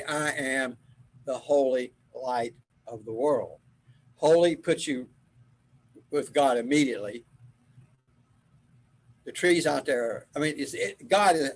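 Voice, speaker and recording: Rambling older man with a husky voice. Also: a little high, rough recording. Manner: rambling storyteller with frequent laughs. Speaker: spiritual teacher. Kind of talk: casual group chat.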